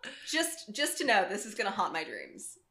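A woman co-hosting a podcast in casual chat, animated and joking with crude humor, often laughing. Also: medium pitch, normal speed, vocal fry, background noise. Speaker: podcast co-host.

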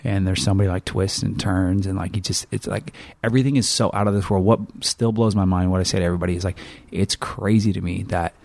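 A man chatting casually as a podcast co-host, relaxed and laid-back. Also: low-pitched, fast, gravelly, few pauses, no echo. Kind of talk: casual chat.

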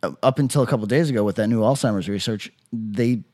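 A man's voice: on the low side, fast talker, a little mellow. A man co-hosting a podcast, talking in brash, profane, joking banter. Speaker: podcast co-host. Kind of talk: casual crude podcast banter.

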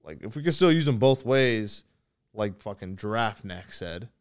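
A man's voice: fairly low pitch, animated, normal speed, clear, resonant tone. A man co-hosting a casual sports chat, blunt and profane, steering the topics. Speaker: podcast co-host.

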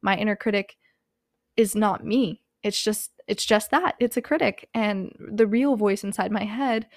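This young Hispanic woman, whose country goes unmentioned, hosts a podcast and speaks at an unhurried pace in a mid-range voice. Her casual motivational talk is candid and full of fillers, "like" and "um" most of all. The studio sound is clean, with no echo.

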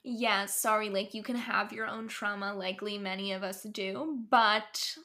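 A woman's voice: medium pitch, steady tone, measured pace, pushed and bright. A woman co-hosting a podcast, chatting casually and reacting with lots of "like". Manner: casual, reactive, uses "like" often. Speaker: podcast co-host.

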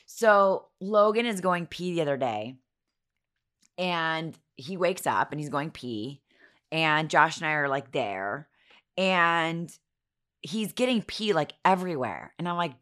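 A woman in her thirties hosting a podcast, hoarse, telling funny stories about her kids in a giggly, self-mocking way. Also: deep voice, animated, takes it slowly, fairly bright tone. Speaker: podcast host. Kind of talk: casual chatty storytelling.

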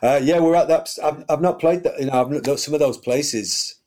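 A middle-aged man, a guest musician, talking casually in a rambling, animated way with many restarts. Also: on the high side, normal speed. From England. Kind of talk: casual conversation.

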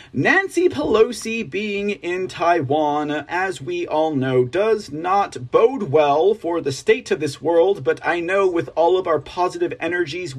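A man's voice: sits high, breathy edge. A man hosting a political livestream news show, chatting casually, laughing often and reading viewer comments aloud.

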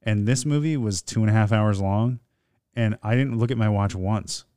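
A man's voice: on the low side, moderate pace, dark tone, clean tone, no room sound, studio quality. A man, guest on his wife's podcast, chatting in a rambling, self-mocking way with many fillers. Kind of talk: casual chat.

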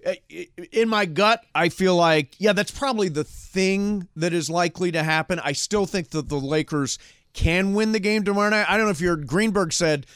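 A man from Ohio co-hosting sports talk radio, chatty and joking, quick to jump in. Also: high voice, a bit bright, clear, resonant tone, dry recording, clean studio sound. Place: radio studio.

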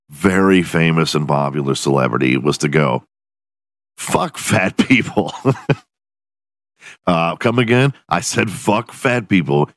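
A man's voice: very deep voice, dry recording, clean studio sound. A man hosting a podcast alone in his room, delivering a profane, self-mocking comedic rant. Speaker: podcast host.

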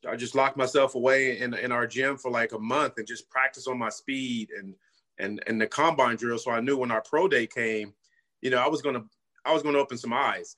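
A man's voice: medium pitch, sharp tone. A middle-aged man from California, a former pro football player, telling his story as a guest in a casual interview, earnest and full of "you know" and "man.".

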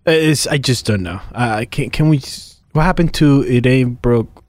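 A man's voice: mid-range voice, moderate pace, a little mellow, no room sound, clean studio sound. A man co-hosting a talk podcast, complaining in an exasperated way. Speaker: co-host. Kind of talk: casual talk show banter.

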